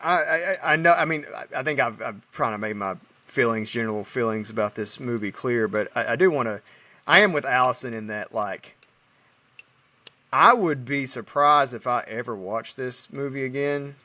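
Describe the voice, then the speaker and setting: A man's voice: mid-range voice, normal speed, bright, forceful tone, far from the mic. A man co-hosting a film podcast in casual chat, rambling and hesitant with many restarts. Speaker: podcast co-host.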